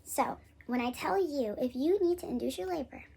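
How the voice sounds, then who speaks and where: Animated young woman telling a story. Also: high voice, normal speed, vocal fry. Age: young adult. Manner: animated, acts out the voices of others in the story. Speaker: vlogger. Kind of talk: casual storytelling.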